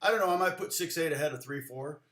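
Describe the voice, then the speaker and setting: A man's voice: a little high, fast, pushed and bright, reverberant. A middle-aged man giving a casual live guitar lesson, rambling and chatty, with many restarts and side stories. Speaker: guitar teacher.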